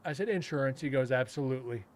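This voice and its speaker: A man casually telling a long story, rambling with fillers and restarts and acting out what others said. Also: mid-range voice. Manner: rambling, with frequent fillers and self-restarts, chuckling; acts out other people's lines in quick quotes. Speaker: paranormal investigator and podcast host.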